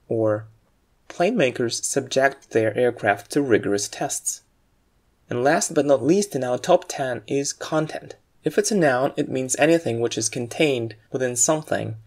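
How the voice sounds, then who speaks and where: Man, instructor, scripted lesson narration, mid-pitched voice, clear and deliberate explanations. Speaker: aviation English instructor.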